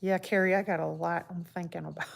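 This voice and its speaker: A woman hosting a casual livestream from home, chatting softly and heartfelt while answering viewers by name. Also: fairly low pitch, steady tone, fairly quick, gravelly. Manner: soft-spoken and heartfelt. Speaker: livestream host. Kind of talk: casual live-stream chat.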